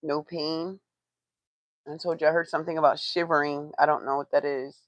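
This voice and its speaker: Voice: medium pitch, little pitch movement, moderate pace, dry recording. A tarot reader doing a live reading, blunt and profane, who swears for emphasis and talks straight to the chat.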